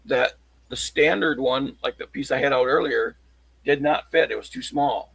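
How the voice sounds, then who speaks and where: A man chatting casually on a livestream, showing his locksport tools in a halting, rambling way. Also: medium pitch, gravelly, slightly rough, dry recording, poor audio. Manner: halting, rambling show-and-tell.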